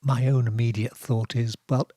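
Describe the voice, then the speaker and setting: A man with a Norfolk accent hosting a radio show, telling odd stories in a relaxed, wry way with many fillers. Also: mid-range voice, normal speed, no room sound, studio quality. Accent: Norfolk English. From England. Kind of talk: relaxed radio talk with dry asides.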